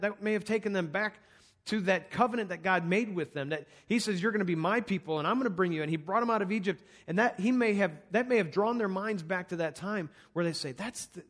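A man's voice: sits high, slightly rough. A man preaching an earnest, conversational sermon, walking through numbered points on a scripture passage. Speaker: pastor.

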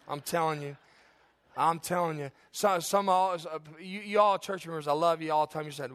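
Man, pastor, sermon, emphatic bursts, fairly high voice. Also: normal speed. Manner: animated storytelling with sudden loud high bursts.

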